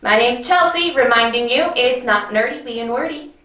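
A woman teaching an English grammar lesson in a clear, patient way, often checking in with the viewer. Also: on the high side, normal speed, sharp tone, roomy sound, recorded from a distance, low-quality recording.

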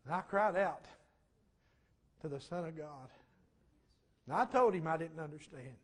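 A high-voiced preacher man in mid-life delivers a fervent sermon testimony. He rides his voice up into ringing cries, then brings it down to a quiet, earnest hush. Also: lively intonation, a little slow. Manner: fervent, rising to shouts then dropping to a low hush.

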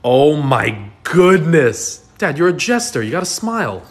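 Teasing young man, lively voice. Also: fairly high pitch, measured pace, slight background noise. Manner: teasing, giggly, pushy. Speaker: son and skit creator. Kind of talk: comedic family sketch.

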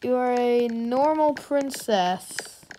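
A woman's voice: a little high, expressive, slow, warm tone, slight background noise. A woman playfully narrating a video game she is playing, breaking into sudden yelps and screams. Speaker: gaming video creator. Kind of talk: let's-play commentary.

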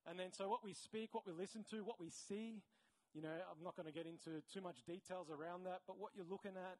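An Australian man giving a conversational sermon as a preacher, often correcting himself mid-sentence and breaking into animated asides. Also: high voice, fairly quick, rough recording.

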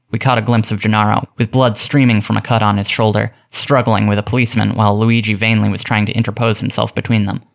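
A man reading a detective story aloud as narrator, in a measured, even way. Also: lowish voice. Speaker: audiobook narrator.

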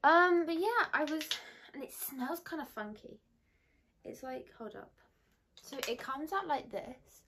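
A woman's voice: high-pitched, lively intonation, a little slow, fairly bright tone, slight background noise. Chatty young woman vlogging. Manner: chatty, rambling, bubbly. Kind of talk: casual chat to camera. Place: bedroom at home. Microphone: phone on a ring light.

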